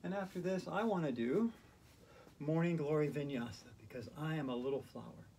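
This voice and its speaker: A man leading a yoga routine in a gentle, playful, chatty way. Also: a little high, fairly quick, creaky, a little hiss or hum. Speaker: yoga instructor. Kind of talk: guided yoga instruction.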